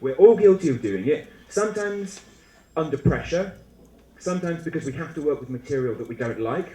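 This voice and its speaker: A man giving a lively, humorous conference talk to teachers, acting out little classroom scenes as he goes. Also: a little high, brisk. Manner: animated, humorous, acts out student and teacher voices. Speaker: conference speaker. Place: lecture hall. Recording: echoey lecture hall.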